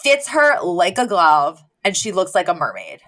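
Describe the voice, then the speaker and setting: A woman's voice: lowish voice, huge pitch swings, normal speed, a bit bright. A young woman co-hosting a podcast, chatting casually and retelling scenes with lots of fillers. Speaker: podcast co-host. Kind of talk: casual recap chat.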